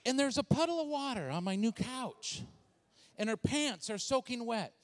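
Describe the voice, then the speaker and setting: A male pastor telling a funny story in a sermon, excitable and animated. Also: very high voice, normal speed, big-room sound.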